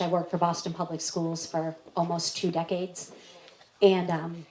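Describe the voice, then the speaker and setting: A woman's voice: fairly low pitch, dark tone. A woman hosting a community storytelling event, playful, telling children's jokes between stories. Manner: playful, tells kids' jokes with acted voices. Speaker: event emcee. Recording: echoey hall.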